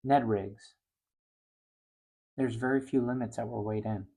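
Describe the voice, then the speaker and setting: Middle-aged fishing guy telling a story, casual, voice goes high and loud when he's hyped. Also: unhurried, gravelly, husky. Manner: animated, gets loud and high when excited. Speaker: fishing show host.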